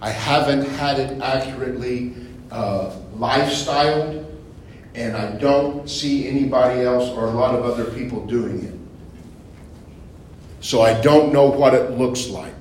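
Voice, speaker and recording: A man preaching informally to a small group, conversational, repeating phrases and asking rhetorical questions, building to loud emphatic bursts. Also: medium pitch, unhurried. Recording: echoey room from far off, faint noise.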